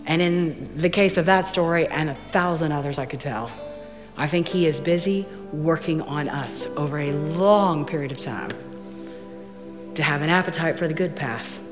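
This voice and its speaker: A middle-aged woman preaching a sermon, telling a story and acting out the dialogue in lively fashion. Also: low voice, moderate pace. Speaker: guest preacher. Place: church auditorium. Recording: long hall reverb, faint music.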